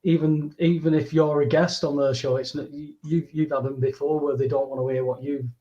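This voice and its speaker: A man's voice: fairly high pitch, level tone, brisk, warm tone, lo-fi sound. A man, a guest on a casual show, chatting in a digressive way with many fillers. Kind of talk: casual chat.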